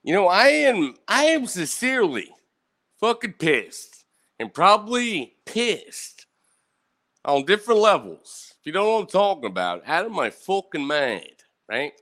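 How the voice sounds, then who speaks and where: Ranting furiously on his own live online show, a man swears nonstop and asks "right?" after each point. His voice sits high and a bit bright with a sing-song lilt, at a moderate pace, in a brightly lit indoor room with a fan running.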